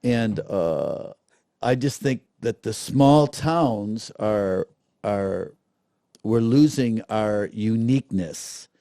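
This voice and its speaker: This festival director, a middle-aged interview guest, has a fairly low voice and draws out his words. Animated and casual, he tells stories while imitating the people he quotes. The recording is dry and clean, studio grade.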